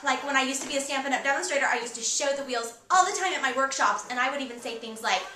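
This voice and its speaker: A woman's voice: high voice, quick pace, pushed and bright, reverberant, a little hiss or hum. A woman voicing a bubbly 1980s valley girl who fills her talk with "like" and "totally.". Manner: peppered with "like" and "totally".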